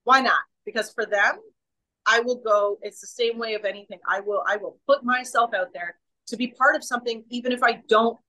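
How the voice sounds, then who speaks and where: A woman's voice: fairly high pitch, a little fast, pushed and bright, rough recording. A woman, a guest in a casual interview, talking with emphatic passion and often restarting her sentences. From Canada.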